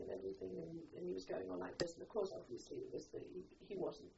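A woman's voice: on the low side, little pitch movement, quick pace, creaky, hardly any pauses. A middle-aged woman telling a personal story, rambling, with many restarts and "you know"s. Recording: distant muffled recording with faint noise.

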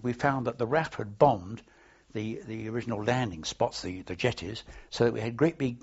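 A man's voice: mid-range voice, darkish tone, slightly rough. An older man, a war veteran, telling anecdotes in an oral history interview, rambling and restarting as he goes. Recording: dull lo-fi archive tape.

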